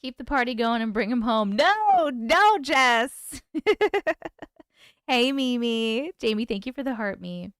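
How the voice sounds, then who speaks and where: A woman's voice: a little high, animated, unhurried, fairly bright tone, clear, resonant tone, no room sound, studio quality. A woman hosting a casual live stream, chatting bubbly and thanking viewers by name. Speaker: livestream host.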